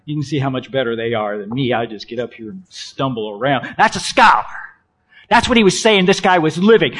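Animated, high-voiced preacher man. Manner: animated, playful, swings between loud exclamations and hushed asides. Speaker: pastor. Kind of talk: sermon.

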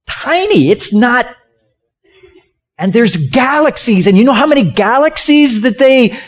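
A man preaching a sermon as a pastor, asking the congregation questions and having them act out hand gestures as he talks. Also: very high-pitched. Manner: conversational, asks the congregation questions; has listeners act out gestures with their hands.

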